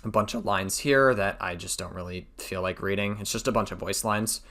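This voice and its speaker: A man's voice: on the low side, fairly quick, a bit bright. A man hosting casual commentary, reading out messages with wry, swearing asides. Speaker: commentary host.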